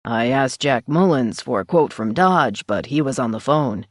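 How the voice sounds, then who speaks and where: A dry, matter-of-fact middle-aged newsman, read by a woman narrator, low and unhurried. The sound is close and dry, with no room around it. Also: animated, no echo. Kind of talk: audiobook character voice.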